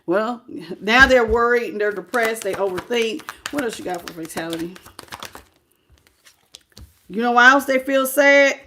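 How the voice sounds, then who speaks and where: A woman's voice: on the high side, lively intonation, normal speed, sharp tone, slight background noise. A woman giving a livestream tarot reading, talking casually and greeting viewers in the chat. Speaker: tarot reader.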